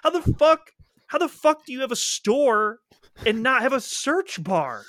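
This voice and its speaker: A man's voice: very high voice, sing-song, fairly bright tone, no echo, studio quality. A man co-hosting a casual gaming podcast, ranting in disbelief and swearing often. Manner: exasperated, swears a lot, rapid rants. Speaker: podcast co-host. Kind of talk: casual gaming news chat.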